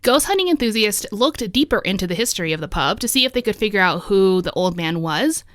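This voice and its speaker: A woman's voice: mid-range voice, fairly quick, dry recording. Laughing woman podcaster, dry close sound. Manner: chatty, laughs often, relaxed storytelling. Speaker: podcast host. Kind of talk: casual chat telling ghost stories.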